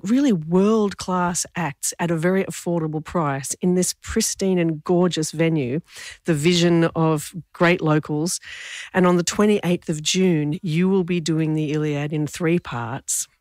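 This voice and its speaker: A man's voice: fairly high pitch, fairly even intonation, unhurried, darkish tone, dry recording, clean studio sound. A man hosting a radio interview, talking up an upcoming event with enthusiasm. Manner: enthusiastic, promotional. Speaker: radio host.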